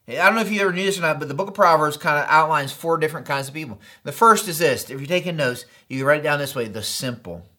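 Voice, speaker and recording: Middle-aged male pastor, slightly higher voice, relaxed chatty sermon delivery, tells stories. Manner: conversational, storytelling with acted quotes and frequent "right?".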